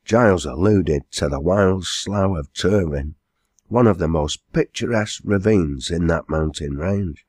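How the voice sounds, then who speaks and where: A man narrates an audiobook in measured storytelling. His voice sits very low and he reads slowly. The recording is dry and close. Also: a little mellow, no room sound. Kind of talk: scripted narration.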